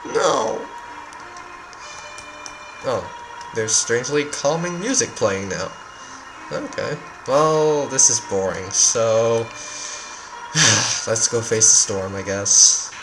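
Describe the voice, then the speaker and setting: A man giving casual, excitable, self-mocking commentary while he plays a video game. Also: mid-range voice, very slow, pauses often, rough recording. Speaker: let's play gamer. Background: game music.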